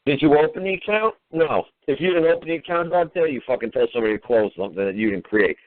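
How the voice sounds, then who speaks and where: A man's voice: on the high side, lively intonation, fast. Profane ranting man on tinny radio. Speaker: radio show host. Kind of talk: call-in radio talk. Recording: tinny phone-line radio audio.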